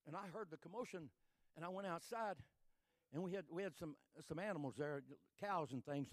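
A man from Texas, preaching in a high voice. He tells folksy stories and repeats lines as they build to loud, shouted peaks. The recording is dry and close. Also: fairly quick, no echo. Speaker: pastor. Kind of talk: sermon with folksy storytelling.

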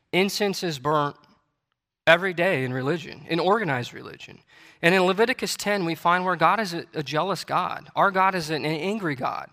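A bright, forceful male voice, a little high, fills a church sanctuary with long hall reverb. The preacher reads King James scripture and pushes his sermon toward intense, repeated declarations.

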